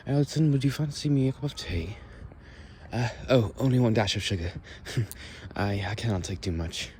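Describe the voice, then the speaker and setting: A guy doing a prissy old-timey victorian gent, posh british accent, pitched way up over his usual voice, all prim and mannered. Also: moderate pace, a little mellow, slight background noise, natural voice. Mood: genteel. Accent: posh British, put on. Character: posh Victorian English gentleman, fussy and genteel.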